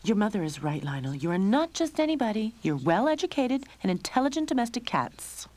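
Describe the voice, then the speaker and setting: Mujer haciendo de una gata mayor remilgada. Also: female voice, mid-range voice, big pitch swings, a little fast, darkish tone, pitched above the performer's own voice, close to an everyday voice. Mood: prim. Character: prim older female cat, proper and approving.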